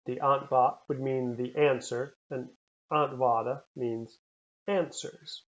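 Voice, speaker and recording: A man teaching a recorded language lesson, repeating words slowly and carefully for the learner. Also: mid-range voice, steady tone, dull audio. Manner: slow, careful pronunciation drills.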